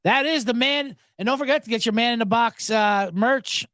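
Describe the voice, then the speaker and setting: A man's voice: extremely high pitch, normal speed, dry recording, studio quality. A man hosting a podcast, telling a comic story in an exasperated, riffing way. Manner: animated, exasperated riffing with swearing. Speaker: comedian and podcast host.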